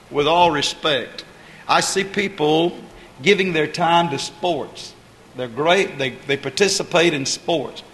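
A man preaching a sermon in a measured style that builds to fervent emphasis, speaking to a congregation. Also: fairly high pitch, fairly bright tone. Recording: long hall reverb, faint ambient noise.

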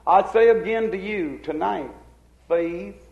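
A man preaching a fervent sermon, moving between soft passages and emphatic outbursts. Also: high-pitched, slow pace, vocal fry. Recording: echoey dull old recording.

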